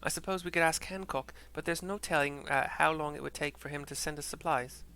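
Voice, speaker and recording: A man voicing a brisk, caring young woman adventurer with a valley-girl lilt. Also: high-pitched, expressive, a bit bright, pitched above the performer's own voice. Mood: earnest.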